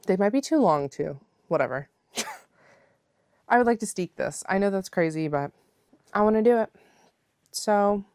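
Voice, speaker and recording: A chatty woman vlogger talking at home in a somewhat low voice. She rambles casually, with plenty of filler words, and playfully calls her viewers besties. The sound is close and dry, with no room echo. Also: darkish tone. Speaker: knitting vlogger. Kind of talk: casual chat.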